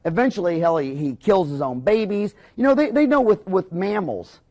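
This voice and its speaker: Speaking at normal speed in a voice that sits high, a dentist rambles through a folksy, impassioned business talk, frequently breaking into loud, excited outbursts.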